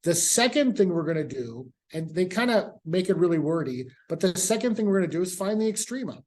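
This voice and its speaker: A math professor with a high, slightly mellow voice teaches a calculus class, speaking animatedly and a little fast. His lecture is casual and conversational, and he repeats his key points.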